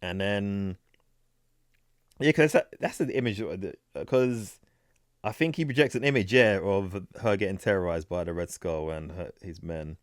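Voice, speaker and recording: Deep-voiced man recapping a comic. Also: no echo, clean studio sound. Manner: rambling, acts out characters' lines in quick asides. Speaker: comic book podcast co-host. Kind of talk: casual chat, retelling a comic plot.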